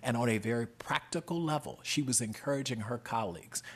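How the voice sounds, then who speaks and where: A man's voice: mid-range voice, brisk, a bit bright, slightly rough. A middle-aged man heading a professional association, giving earnest, emphatic testimony at a legislative hearing in short punchy statements.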